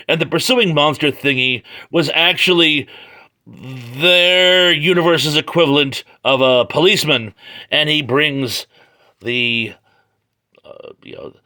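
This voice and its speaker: Bright-voiced jokey man reviewing comics. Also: fairly high pitch. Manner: joking, chatty, wry asides. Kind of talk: casual read-through review. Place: home garage.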